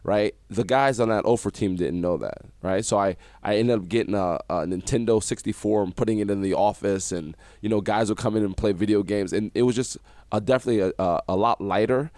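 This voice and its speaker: A man, a former basketball coach, guest on a radio interview, telling animated stories and acting out what people said to him. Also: fairly low pitch, fairly quick, hardly any pauses, dry recording. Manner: animated storyteller acting out quotes. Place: radio studio.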